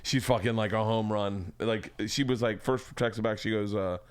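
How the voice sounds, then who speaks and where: A man's voice: lowish voice, steady tone, moderate pace, clean tone, no room sound. A man from Florida hosting a podcast, telling rambling, profane stories. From Florida, USA. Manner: rambling, profane storytelling with restarts. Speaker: podcast host. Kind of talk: casual podcast chat.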